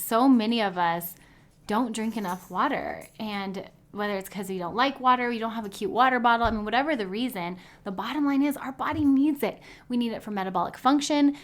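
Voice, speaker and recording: A woman in her thirties, a dietitian hosting her own podcast, talking in an upbeat, chatty way and laughing easily. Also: mid-range voice. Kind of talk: casual podcast monologue.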